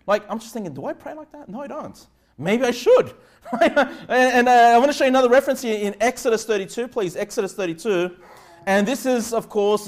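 A high-pitched pastor delivers a conversational sermon, shifting between casual asides and loud, emphatic passages of prayer and scripture.

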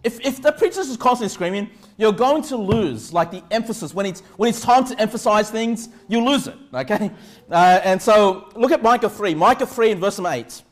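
High-voiced preaching man. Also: brisk. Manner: swings from calm teaching to loud shouted emphasis; repeats "all right?" and "okay?" to the congregation. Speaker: pastor. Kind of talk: sermon.

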